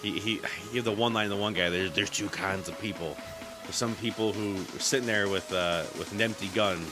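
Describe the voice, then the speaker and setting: A man with a lowish voice co-hosts a casual podcast. He talks in an animated, jokey way and keeps cutting in with quick agreement. Music plays clearly underneath the talk. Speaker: podcast co-host. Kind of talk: casual chat.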